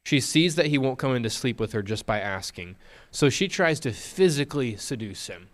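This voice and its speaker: A male preacher retells a scripture story as a sermon. He slows for dramatic pauses and puts rhetorical questions to his listeners. His voice sits in an ordinary middle pitch. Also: lively intonation.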